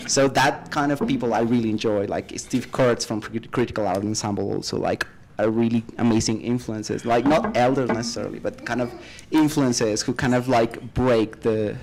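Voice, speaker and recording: A man's voice: medium pitch, normal speed, darkish tone, slight background noise, low-quality recording. A man speaking casually on a panel, loose and rambling, filling his sentences with "like". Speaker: panelist artist.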